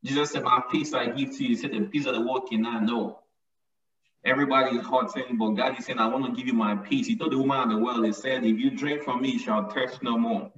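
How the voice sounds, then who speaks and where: A man's voice: medium pitch, steady tone, fast, fairly bright tone. A man preaching a sermon with emphasis, often repeating his lines to drive them home. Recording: echoey, distant, dull sound.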